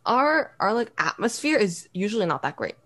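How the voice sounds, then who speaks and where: A teenage girl co-hosting a podcast, telling family stories in a casual, animated way with many fillers. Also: medium pitch, moderate pace. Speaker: podcast co-host. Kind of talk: casual chat.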